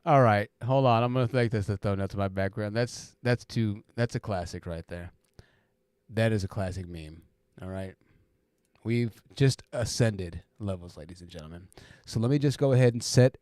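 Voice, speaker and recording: A man's voice: on the low side, moderate pace, a little mellow, clear, resonant tone, dry recording, clean studio sound. A man hosting a casual live stream, joking and rambling and laughing often.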